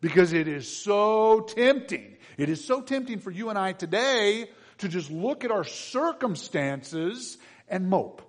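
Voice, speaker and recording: A man preaching a sermon, asking the congregation and children questions and swinging between quiet asides and loud, emphatic build-ups. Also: high-pitched, big pitch swings, unhurried, in a large hall. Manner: addresses the congregation and kids with questions. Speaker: pastor.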